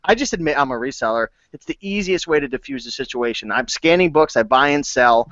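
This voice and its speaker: A man who is a guest on a casual chat show, telling stories in an animated way over a video call. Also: mid-range voice, no echo. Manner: quick, animated storytelling. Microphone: video call webcam. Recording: dry, dull webcam audio.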